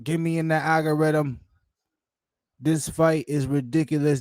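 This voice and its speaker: A man's voice: fairly high pitch, steady tone, measured pace, a little mellow, dry recording. A man hosting a live fight watch-along, talking in a hyped, slangy way and repeating his exclamations. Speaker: channel host.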